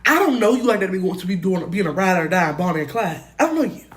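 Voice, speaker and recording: A young woman telling a casual storytime, animated and slangy, swearing freely and jumping between loud bursts and muttered asides. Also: on the low side, fast talker. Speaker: storytime vlogger.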